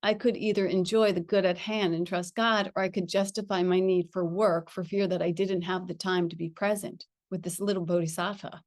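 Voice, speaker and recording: A middle-aged woman telling a personal spiritual story. She talks in an earnest, reflective way with gentle pauses and frequent small laughs. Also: fairly low pitch, level tone, no echo. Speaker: spiritual teacher.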